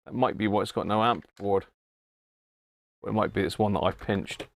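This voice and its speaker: A man's voice: lowish voice, steady tone, normal speed, vocal fry, slight background noise. A man with a southern English accent hosting a casual livestream, chuckling often and answering viewers by name as he looks over old radios at his workbench. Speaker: livestream host restoring vintage radios. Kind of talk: casual live-chat commentary. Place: home workshop.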